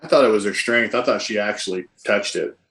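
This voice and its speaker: A man's voice: fairly low pitch, quick pace, fairly bright tone, breathy edge. A man guesting on a podcast, self-deprecating in casual banter.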